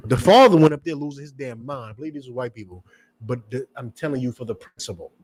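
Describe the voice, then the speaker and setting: Husky man preaching with emphatic repetition. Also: medium pitch, fairly quick, darkish tone. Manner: questions the audience directly. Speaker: preacher and teacher. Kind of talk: fiery street-preaching lecture.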